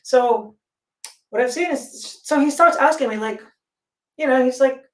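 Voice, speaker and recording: A woman's voice: sits high, a little slow. Blunt, profane woman on an echoey call. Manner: blunt, profane, animated storytelling. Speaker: panel guest. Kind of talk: casual discussion. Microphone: video call. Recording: echoey room, distant mic.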